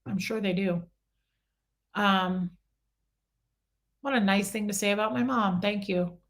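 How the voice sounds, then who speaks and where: A woman's voice: mid-range voice, a little slow. Chatty woman reading comments on a livestream. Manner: chatty, digressive, answers commenters by name; coos baby talk at her small dog. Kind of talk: casual livestream chat.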